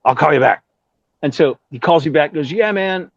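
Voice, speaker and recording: A musician guest, middle-aged and from Southern California, speaks briskly in a fairly high, steady voice that is creaky with a breathy edge. He swears freely while narrating a story in a casual interview and imitates other people's voices. The audio is dry and a bit dull, with no room sound.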